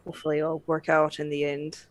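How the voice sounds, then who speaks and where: A woman's voice: sits low, completely flat delivery, quick pace. Hesitant woman playing in character. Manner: hesitant, nervous, with fillers. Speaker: player. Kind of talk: in-character tabletop role-play.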